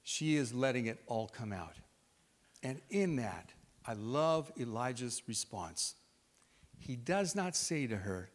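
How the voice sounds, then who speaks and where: A male pastor preaches with animated, vivid storytelling, his pitch rising and falling in lively swings. His voice is mid-pitched, and it rings with a long reverb, as in a large hall. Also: takes it slowly. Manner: animated storytelling, acts out the scripture. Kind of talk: sermon.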